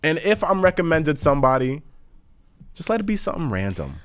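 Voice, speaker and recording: A young man co-hosting a podcast, chatting in loose, joking slang. His pitch rises and falls a lot as he talks. The sound is close and dry, with no room echo. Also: sing-song, fairly quick, clean tone. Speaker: podcast co-host. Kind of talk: casual chat.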